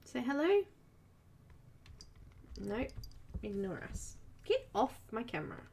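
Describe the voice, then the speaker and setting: A slightly croaky woman with a fairly high voice, talking slowly and easily as she hosts a live coloring session. She chats with viewers, greets them one by one and laughs often. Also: big pitch swings, a little mellow, a little hiss or hum. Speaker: art channel host. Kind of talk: live-stream coloring tutorial chat.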